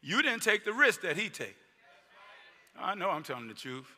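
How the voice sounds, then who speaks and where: A man, a bishop, preaching a sermon in a church, moving between quiet conversational asides to the congregation and shouted preaching. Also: sits high, very animated, moderate pace. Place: large church sanctuary. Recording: long church-hall reverb.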